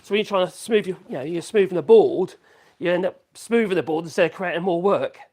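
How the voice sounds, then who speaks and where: A man's voice: sits high, fairly quick, darkish tone. A man talks casually through a woodworking live stream. He rambles, stops to correct himself, and hums little tunes between thoughts. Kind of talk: casual live-stream chat while working.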